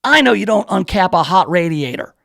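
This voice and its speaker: Man, radio host, high voice, dry studio sound, rambling casual monologue, self-mocking. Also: expressive, a little fast, gravelly, fairly bright tone, no echo. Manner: rambling, self-deprecating storytelling with many restarts. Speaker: radio talk show host.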